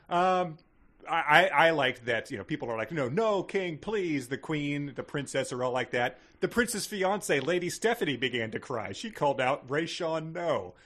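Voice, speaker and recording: A man's voice: fairly high pitch, expressive, normal speed, fairly bright tone. A man co-hosting a podcast, making dry, wry remarks in casual comic chat. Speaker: podcast co-host.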